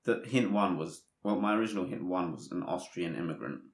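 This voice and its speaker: A man co-hosting a casual quiz chat, playful and teasing, giving hints slowly. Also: deep voice. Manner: playful, teasing, gives slow deliberate hints. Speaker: quiz co-host. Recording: roomy echoey room.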